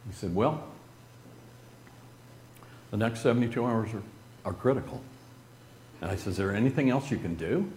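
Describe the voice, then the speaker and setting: A man's voice: on the low side, lively intonation, a little mellow, roomy sound, a little hiss or hum. Earnest man telling a personal story. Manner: earnest, halting, with restarts and throat-clearing. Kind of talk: emotional personal testimony.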